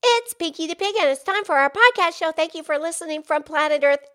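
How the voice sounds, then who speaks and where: A woman's voice: very high-pitched, brisk. A woman voicing a cheerful, curious female pig who co-hosts a playful podcast and asks eager questions. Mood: bubbly. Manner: excitable, chatty, eager questions. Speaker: podcast co-host. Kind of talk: playful kids' podcast role-play.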